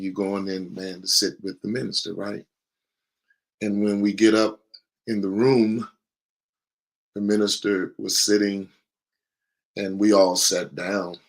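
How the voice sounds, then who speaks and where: Gravelly low-voiced man telling his story. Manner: earnest, folksy storytelling with fillers. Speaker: student minister, guest. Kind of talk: storytelling interview testimony.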